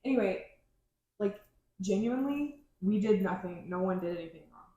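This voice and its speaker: A woman's voice: medium pitch, lively intonation, normal speed, mellow. A woman co-hosting a podcast, talking in a loose, rambling way full of "like". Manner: rambling, heavy use of "like". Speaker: podcast co-host. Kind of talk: casual chat. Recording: very echoey room.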